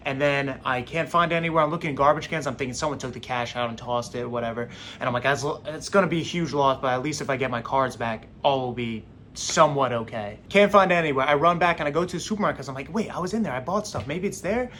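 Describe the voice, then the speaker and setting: A young man casually telling a story straight to camera, animated and acting out what others said. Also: medium pitch, quick pace, a little hiss or hum. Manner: animated, acts out quoted voices.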